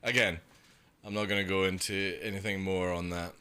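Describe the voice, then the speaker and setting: A young man streaming a game, ranting casually and profanely, and mocking others in quick put-on voices. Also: low-pitched, flat delivery, sharp tone, clear, resonant tone. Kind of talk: casual live-stream rant.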